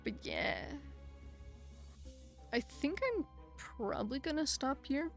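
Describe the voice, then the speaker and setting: A young woman hosting a live stream sounds tired and a bit out of breath. Her voice is gravelly, with a pitch that swings up and down a lot. She chats loosely with plenty of fillers and soft laughs, and faint music plays underneath. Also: animated, takes it slowly. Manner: chatty, sympathetic, frequent fillers and soft laughs. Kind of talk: casual live-stream chat, reading chat aloud.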